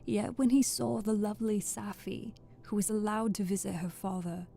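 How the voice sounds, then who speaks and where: A woman reads aloud in a soft-spoken ASMR style, her voice mellow and a little gravelly. She stays level and unhurried, often going back to repeat a phrase, and faint music plays behind her. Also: mid-range voice. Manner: steady, careful reading that restarts phrases. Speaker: audiobook reader.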